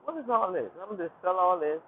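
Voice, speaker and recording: A man casually telling viewers a personal faith story, animated and repetitive, often turning to talk to them directly. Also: high voice, quick pace. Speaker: vlogger sharing a personal testimony. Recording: phone-quality line with faint noise.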